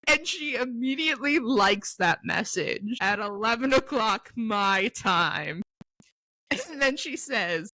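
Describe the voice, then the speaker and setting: Twenties woman, podcast co-host, bright and dry, mid-pitched, storytelling with lots of swearing. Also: lively intonation, no room sound, rough recording. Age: 20s. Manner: storytelling, swears freely, reads texts aloud quickly. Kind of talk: casual chat.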